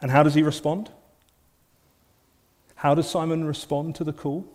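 An earnest male preacher delivering a sermon, his voice a touch higher than most men's. He often sinks to soft, intense phrases for emphasis. The sound carries the long reverb of a large church hall. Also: little pitch movement, moderate pace.

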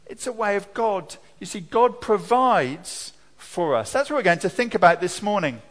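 A man preaching a lively children's talk at a church service, asking the children questions as he goes. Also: high voice, normal speed, big-room sound.

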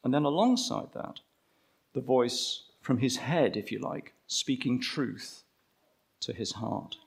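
A man preaching a conversational sermon, slowing down to stress key phrases. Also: medium pitch, expressive, creaky, slightly rough.

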